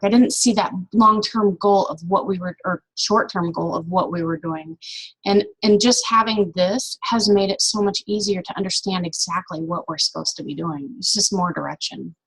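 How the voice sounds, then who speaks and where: A woman's voice: medium pitch, a bit bright, slightly rough, poor audio. A woman on a team call, sharing her thoughts hesitantly, restarting sentences as she thinks aloud. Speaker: team member on a group call. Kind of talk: casual comment on a call.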